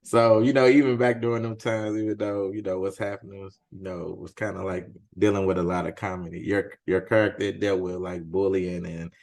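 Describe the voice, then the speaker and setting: A male host runs a casual sit-down interview in a relaxed, chatty way. His voice is low and gravelly, with a rough fry under his questions. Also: brisk, few pauses. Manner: laid-back, frequent affirmations and laughs.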